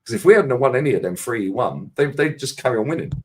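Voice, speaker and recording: A man's voice: medium pitch, lively intonation, husky. A man with a London accent ranting about football as a panelist in a casual chat show, talking in long sweary tangents. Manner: ranting, sweary, fast-flowing.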